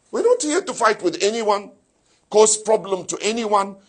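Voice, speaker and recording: A man preaching a sermon with fervor, his voice high-pitched and noticeably husky. He throws rhetorical questions at his congregation and slips Arabic phrases and scripture recitation into his English. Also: lively intonation, normal speed. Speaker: sheikh giving a Muharram lecture.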